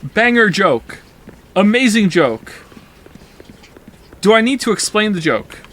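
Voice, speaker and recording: A young man streaming a game, chatting casually and rambling, swearing freely and jumping into high, indignant outbursts. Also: sing-song, slow pace, fairly bright tone, slight background noise. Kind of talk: casual live-stream chat while gaming.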